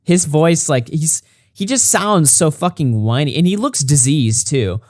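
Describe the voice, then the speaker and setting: A man's voice: on the high side, animated, a little slow, darkish tone, no room sound, studio quality. A man streaming, reacting to a critic's video with mocking, sarcastic, heavily profane commentary. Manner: mocking, sarcastic, heavy swearing.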